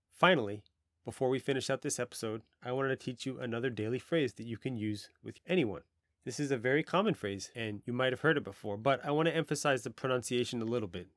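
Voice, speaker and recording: A man hosting a podcast language lesson, explaining patiently and modelling pronunciation slowly. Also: medium pitch, dry recording, clean studio sound. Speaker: language teacher and podcast host.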